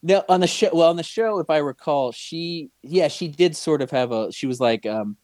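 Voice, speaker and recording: A man's voice: on the high side, normal speed, darkish tone, no room sound. A man co-hosting a casual chat show, talking in long rambling stretches full of restarts and fillers. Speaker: podcast co-host.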